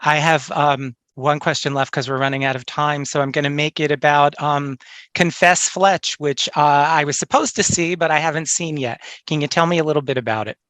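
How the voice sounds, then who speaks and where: Bright-voiced enthusiastic male interviewer. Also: a little high, steady tone, normal speed, dry recording. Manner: enthusiastic, admiring. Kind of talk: interview questions.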